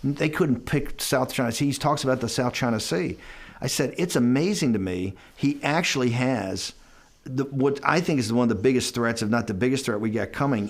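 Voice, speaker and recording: A middle-aged man answers questions in a documentary interview, spinning a long story at a mid pitch. He acts out the other people's lines as he goes and keeps stopping to restart his sentences. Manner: anecdotal, acts out dialogue, restarts often.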